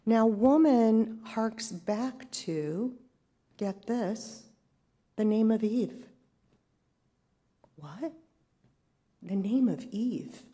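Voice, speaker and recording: Middle-aged woman, spiritual leader, relaxed sermon, warm dark tone with gravel. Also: mid-range voice. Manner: conversational, reflective, asks the congregation questions.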